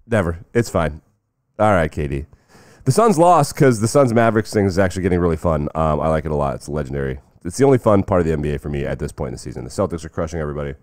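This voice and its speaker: A man hosting casual sports commentary, sarcastic, jumping between loud bursts and low muttering. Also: animated, racing, dry recording, studio quality.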